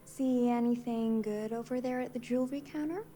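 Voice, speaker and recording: An actress playing a playful, curious young bride in video game dialogue. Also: female voice, fairly high pitch, moderate pace, dark tone, slight background noise, close to an everyday voice.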